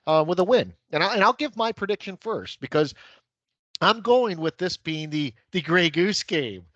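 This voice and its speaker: Lively-pitched man on a muffled mic. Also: no echo. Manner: measured, breaks in with small laughs. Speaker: podcast co-host. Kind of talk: casual sports podcast chat.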